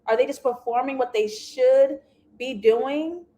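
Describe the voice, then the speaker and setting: Woman, high voice, unhurried delivery, livestream TV review host, animated, laughs a lot. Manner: animated, laughs often, talks to chat.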